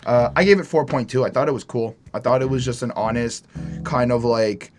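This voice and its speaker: Faint music plays behind this man, a podcast co-host speaking at normal speed in a medium-pitched voice. In a casual album review chat, he talks loosely and reads lyrics aloud.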